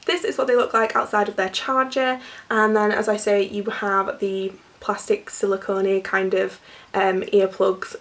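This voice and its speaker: Young woman, croaky from a cold, gravelly fry, casual unboxing chat, slightly distant mic. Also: mid-range voice, flat delivery, measured pace. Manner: chatty, filler-heavy, laughs often. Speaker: vlogger.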